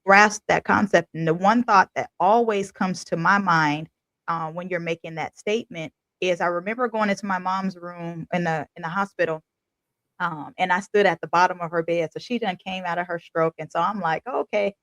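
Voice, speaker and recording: A woman hosting an interview, telling a personal story in an animated, expressive, colloquial way. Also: fairly low pitch, normal speed, dry recording. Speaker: host. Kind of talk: conversational interview.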